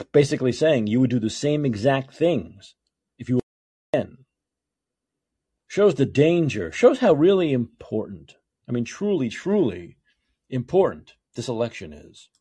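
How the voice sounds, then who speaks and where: Husky-voiced man ranting sarcastically. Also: mid-range voice. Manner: sarcastic, swings between yelling and quiet mutters. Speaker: political talk show host. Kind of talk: opinionated monologue.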